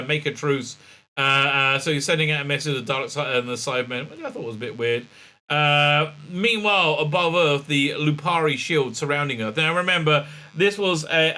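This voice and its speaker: Male reviewer, sarcastic and rambling, bright tense tone, slightly high pitch. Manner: sarcastic, rambling, acts out quotes in high squeaky voices; many fillers and hesitations. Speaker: reviewer and show host. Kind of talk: casual review recap.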